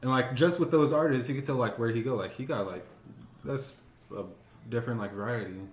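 A man's voice: medium pitch, fairly quick, a little hiss or hum. A man guest on a casual podcast, hesitant and full of "uh" and "like" fillers. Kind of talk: casual chat. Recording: roomy echo.

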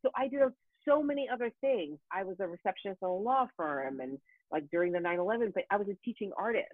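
A voice actor in her forties, speaking from her home in Los Angeles, tells stories in a casual podcast chat. Her medium-pitched voice moves fast and animated as she acts out the voices of people she quotes, over a tinny, phone-like, dry line.

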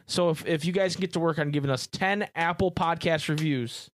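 A man's voice: fairly high pitch, brisk. A man hosting a podcast in loose, jokey banter, swearing freely. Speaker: podcast host.

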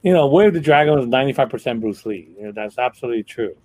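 A man's voice: mid-range voice, animated, rapid-fire, darkish tone, poor audio. A man on a panel thinking aloud as he gives his vote, with many fillers. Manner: thoughtful, uses many fillers. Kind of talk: casual panel discussion.

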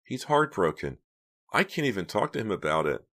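A man voicing an eager, excitable teenage boy in an audiobook. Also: fairly low pitch, moderate pace, voice pushed up.

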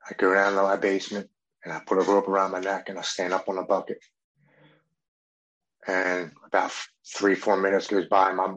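Brief: man with a lowish voice, candid personal testimony, earnest and halting. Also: a bit bright, low-quality recording. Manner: candid, earnest storytelling with stammered restarts. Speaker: speaker sharing his recovery story.

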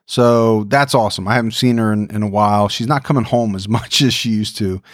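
A man's voice: lowish voice, fairly even intonation, fairly quick, no room sound, clean studio sound. A middle-aged man co-hosting a podcast, chatting in an upbeat, friendly way. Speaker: podcast co-host. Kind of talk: casual podcast chat.

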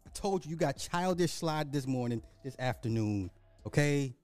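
A man who is sick hosts a live radio show in a loose, rambling way, repeating lines and swearing as he gets excited. His voice is mellow and dark, recorded dry and close, with faint music underneath. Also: mid-range voice, normal speed, dry recording.

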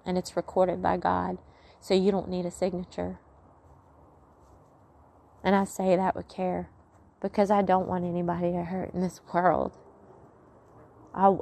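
A woman's voice: lowish voice, creaky, darkish tone. A woman outdoors giving an earnest, rambling faith testimony. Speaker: vlogger sharing faith message. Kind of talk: heartfelt spoken testimony.

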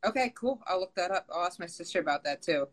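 A woman guest in a casual conversation who talks fast, with her words tumbling out. She is chatty and pokes fun at herself, often acting out her own past thoughts. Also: on the low side, animated, low-quality recording. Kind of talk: casual chat.

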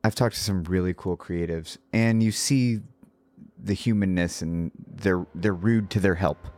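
A man's voice: low voice, measured pace, darkish tone. A middle-aged man hosting a podcast, chatty and jokey, asking rambling questions in casual interview. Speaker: podcast host.

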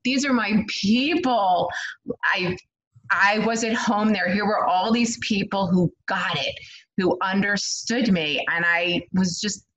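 A middle-aged woman, a guest on a podcast, tells her story in a candid, animated way with lots of "um" and "like". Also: medium pitch, a little hiss or hum. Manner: candid, animated, frequent fillers like "um" and "like". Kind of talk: conversational storytelling. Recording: dull lo-fi sound.

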